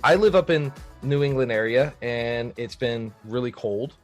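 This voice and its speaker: A man's voice: medium pitch, moderate pace, soft background music. A man from Virginia hosting a podcast in casual interview chat, rambling and self-deprecating with lots of fillers. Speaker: podcast host.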